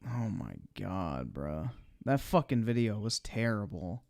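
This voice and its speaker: A man's voice: lowish voice, very animated, measured pace, vocal fry, a little mellow. A young man giving blunt, profane live-stream commentary while he watches videos.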